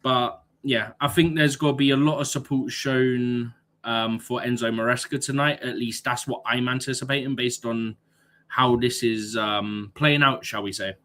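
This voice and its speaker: A man's voice: mid-range voice, steady tone, normal speed, fairly bright tone. A young man co-hosting a football live stream in casual chat, arguing his points emphatically with rhetorical questions.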